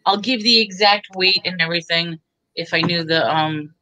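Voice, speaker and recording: A woman's voice: fairly low pitch, normal speed, sharp tone, rough recording. A woman selling items on a live online auction, chatty and bubbly as she pushes her bargains. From Texas. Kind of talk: live sales pitch.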